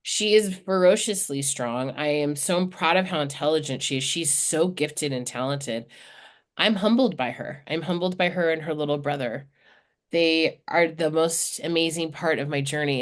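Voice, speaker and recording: A woman in her thirties, a podcast guest talking candidly and swearing freely in casual chat. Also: low voice.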